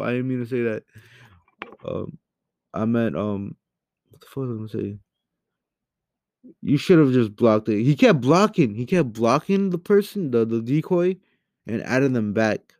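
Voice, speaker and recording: A young man giving a heated, profane rant into a home microphone, swinging between loud outbursts and low muttering. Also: expressive, moderate pace, long pauses, no echo. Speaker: commentary host. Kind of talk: angry ranting commentary.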